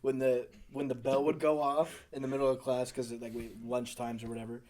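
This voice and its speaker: A young man guesting on a podcast, recalling school days in casual chat with relaxed, dry asides. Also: mid-range voice, brisk.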